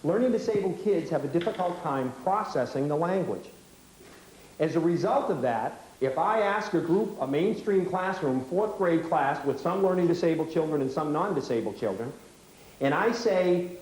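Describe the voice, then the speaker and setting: A man leading a teaching workshop before an audience, firing quick questions and explaining with humor. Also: on the high side, animated, darkish tone, roomy sound, slight background noise, rough recording. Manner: brisk, rapid-fire questioning. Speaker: workshop leader.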